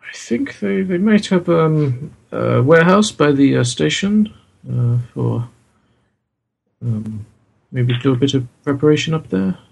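A man's voice: on the high side, animated, vocal fry, a little mellow, slightly rough, voice pushed up, full character voice. A man voicing a hesitant male hotel concierge who stumbles through his answers with ums and restarts. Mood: unsure. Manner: halting, full of ums and restarts.

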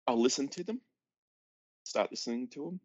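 A man's voice: medium pitch, expressive, normal speed, a little mellow, breathy edge, no room sound, dull audio. A man playing a tabletop game over an online call, matter-of-fact and methodical. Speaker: player.

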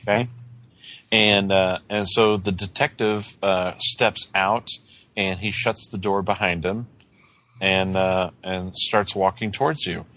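A man with a deep, low voice narrates a tabletop game as its game master. He talks in a halting way, with many ums and restarts. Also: steady tone, bright, forceful tone. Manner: halting, full of fillers.

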